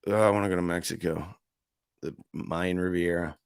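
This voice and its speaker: A man's voice: low-pitched, fairly even intonation, normal speed, vocal fry, clean tone, no echo, studio quality. A middle-aged man hosting a casual live stream, chatting in a rambling way and reading viewer comments aloud. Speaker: livestream host reviewing audio deals.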